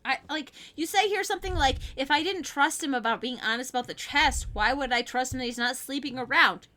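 Bright-voiced blunt woman podcast host. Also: high-pitched, a little fast. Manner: blunt, frank, swears and laughs often. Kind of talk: casual advice chat.

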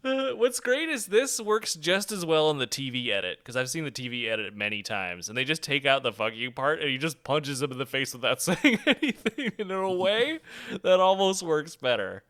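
A man co-hosting a casual movie review podcast, animated and laughing often as he talks. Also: a little high, moderate pace, hardly any pauses. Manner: animated, laughs often, bursts into shouted impressions of movie lines. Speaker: podcast co-host.

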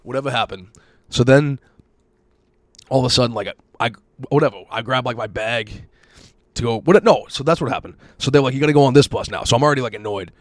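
A fast-talking man tells stories in casual podcast chat, cursing freely and jumping into loud bursts when he quotes himself. The sound is dry and close. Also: medium pitch, no room sound. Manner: rapid, swearing storyteller, loud bursts when quoting himself. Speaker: podcast host.

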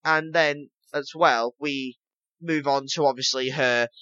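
This co-host of a laid-back gaming podcast has a steady, sharp, mid-range voice and talks a little slowly. His explanations ramble and circle back, packed with "basically" and "obviously," in a clean recording with no echo and the highs rolled off.

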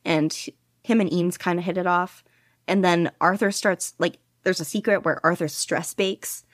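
A young woman with a fairly low voice talks at length as an interview guest, rambling and enthusiastic. She fills her sentences with asides and casual fillers. The sound is dry and close, with no room around it. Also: steady tone, moderate pace, no room sound. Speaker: guest podficcer.

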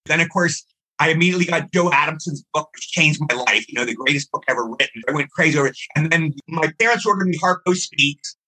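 A man in his sixties rattles off stories at high speed in a casual interview. His voice sits high and sounds piercingly bright, and he gushes with enthusiasm about everything he loves. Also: quick pace, low-quality recording. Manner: effusive, gushing enthusiasm. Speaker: guest actor.

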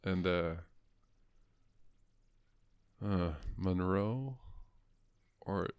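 A man's voice: sits low, extremely slow, a little mellow, clear, resonant tone, no room sound, studio quality. A man co-hosting a casual podcast, joking and rambling, swearing now and then. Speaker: podcast co-host.

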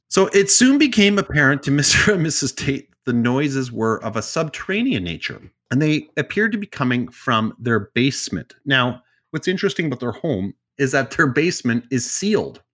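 A man in an easygoing podcast chat, retelling a strange tale at a middle pitch. His delivery is loose and conversational, with side remarks and jokes woven between the facts. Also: sing-song, normal speed, few pauses, a bit bright. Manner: summarizes stories loosely with asides and jokes. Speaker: podcast co-host telling stories. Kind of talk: casual storytelling chat.

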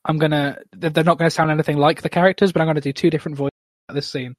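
A man's voice: a little high, steady tone, very fast, dry recording. Male podcast host, casual and chatty, fillers, dry video call audio. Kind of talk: casual chat.

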